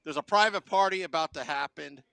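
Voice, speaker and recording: A man's voice: a little high, a little fast, creaky, sharp tone, clear, resonant tone, no room sound. A male podcast host opening a casual sports chat show in a formal announcer style.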